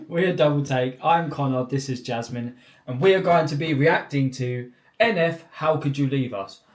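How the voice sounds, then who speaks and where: A man's voice: mid-range voice, normal speed. Easygoing man in an echoey room. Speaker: reaction channel co-host. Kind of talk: casual chat. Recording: roomy echo.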